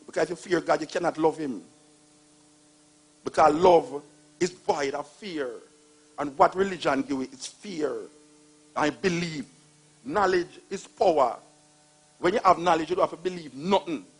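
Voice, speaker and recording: A man's voice: a little high, normal speed, long pauses, breathy edge. A man with a Jamaican accent, giving a humorous talk and animatedly retelling stories with voiced characters. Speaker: speaker on religion.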